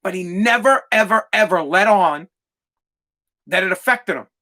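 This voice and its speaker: A man's voice: high voice, expressive, moderate pace, sharp tone. A man in his thirties hosting a podcast, ranting bluntly with lots of swearing and telling stories about his father. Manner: blunt, profane, heated storytelling. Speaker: podcast host. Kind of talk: ranting monologue.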